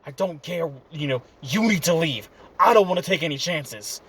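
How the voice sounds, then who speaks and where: A man's voice: a little high, animated, normal speed, a bit bright, husky. A man voicing an irritable male fox spirit sealed inside a boy, talking urgently and bossily, in a casual fan retelling. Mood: urgent, annoyed.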